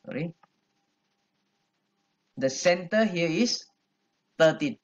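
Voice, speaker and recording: A male math teacher explains an exercise one step at a time. His voice sits a little high, and he speaks slowly and patiently, repeating each number as he goes. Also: expressive, lo-fi sound. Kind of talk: classroom lesson, working through an exercise.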